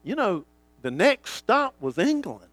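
Animated preacher, high and lively. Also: male voice, a little slow, no echo. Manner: dramatic swings from booming to hushed, acts out quoted voices. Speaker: pastor. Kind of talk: sermon.

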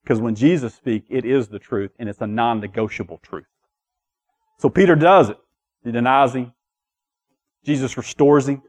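Preacher swinging between hushed and booming. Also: male voice. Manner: preaching with big swings between soft asides and loud declarations; acts out quoted voices in his preaching. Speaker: pastor. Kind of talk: sermon.

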